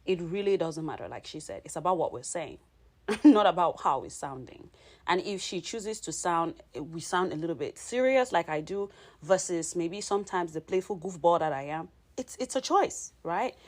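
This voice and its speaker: A woman from Cameroon co-hosts a relaxed podcast conversation. Her voice sits on the lower side, and she often tags her points with "right?" as she explains. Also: normal speed. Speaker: podcast co-host. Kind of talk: casual chat.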